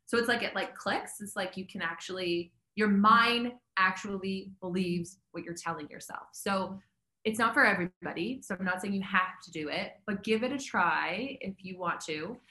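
A woman's voice: mid-range voice, normal speed, pushed and bright, echoey room. A woman talking as a health coach guest in a casual interview, chatty and upbeat, with many fillers.

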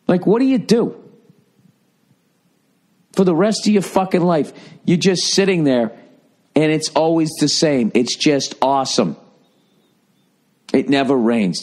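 A man's voice: a little high, a little mellow. A middle-aged man hosting a comedy podcast, ranting with lots of swearing and slipping into mocking voices. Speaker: podcast host.

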